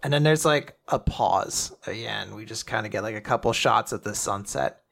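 A man recapping a story in casual chat, acting out characters' lines in quick put-on voices. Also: fairly low pitch, gravelly, fairly bright tone. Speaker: podcast co-host recapping a manga chapter.

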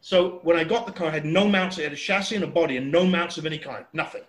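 An older man in his sixties spins a long, chatty anecdote, acting out the noises and voices as he goes. His voice sits notably high for a man. The recording has a roomy echo around it. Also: quick pace. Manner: animated, chatty, acts out voices and sounds. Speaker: storyteller. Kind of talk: casual anecdote telling.

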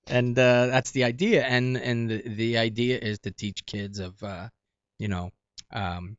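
A man's voice: mid-range voice, steady tone, measured pace, clean tone, no room sound, highs cut off. A man from Italy, a comedian guest, chatting easily and laughing often. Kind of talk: casual chat.

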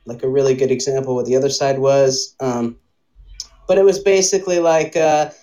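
Low-pitched female host, casual, chatty, quick to laugh. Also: steady tone, dark tone, low-quality recording. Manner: laughs often, rambling storyteller. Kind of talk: casual live chat.

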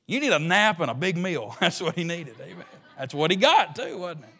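A man preaching a sermon with passion, rising to loud peaks and dropping to hushed murmurs. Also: a little high, sing-song, a little fast, husky. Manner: impassioned, swinging from loud rises to hushed murmurs.

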